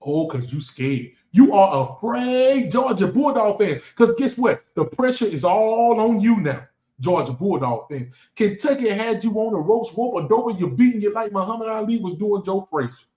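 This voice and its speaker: Man, high-pitched fan vlogger, boastful and taunting; echoey room, dull lo-fi sound. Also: animated, moderate pace, a little mellow. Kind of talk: trash-talking football commentary.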